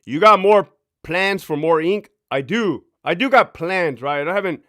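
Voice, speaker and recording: A man's voice: sits high, lively intonation, a little slow, a bit bright, no room sound, studio quality. Profane chatty man on a livestream. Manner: profane, boastful, laughing, addresses chat directly. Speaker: livestream host. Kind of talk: casual livestream chat reading comments. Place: home.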